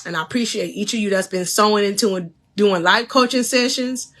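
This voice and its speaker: Fervent, bright-voiced female life coach. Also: mid-range voice, brisk. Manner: fervent, preachy, addresses viewers directly; laughs between phrases. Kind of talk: faith-based motivational livestream.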